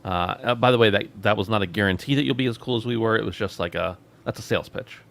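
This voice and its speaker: A man's voice: fairly low pitch, fast talker, gravelly, fairly bright tone. A man hosting a gaming podcast, chatting casually and joking around as he runs the show. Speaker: podcast host.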